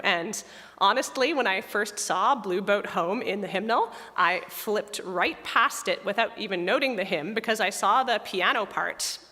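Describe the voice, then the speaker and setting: A woman's voice: fairly high pitch, sharp tone. A woman music director speaking to a congregation in a chatty, self-deprecating way, with her voice giving out a little. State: losing her voice. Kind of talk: spoken reflection in a church service. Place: church sanctuary. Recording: long hall reverb.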